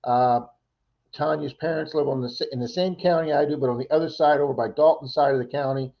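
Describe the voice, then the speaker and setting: A man's voice: a little high, quick pace, vocal fry. A man co-hosting a casual livestream chat, telling rambling stories and acting out other people's lines. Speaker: livestream co-host. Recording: dull lo-fi stream audio.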